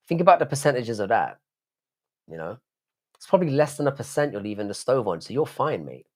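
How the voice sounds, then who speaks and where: Rambling, swearing male livestreamer. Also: mid-range voice. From United Kingdom. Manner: rambling, swears often, answers chat aloud. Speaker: live-stream host. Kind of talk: casual late-night live-stream chat.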